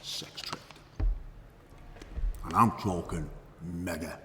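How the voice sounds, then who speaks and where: A man's voice: low-pitched, sharp tone, big-room sound, a little hiss or hum, full character voice. A man playing a swaggering, foul-mouthed hitman. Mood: boastful. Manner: swaggering, profane, drawn-out emphasis. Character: boastful crude male hitman telling war stories. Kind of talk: acting class character monologue.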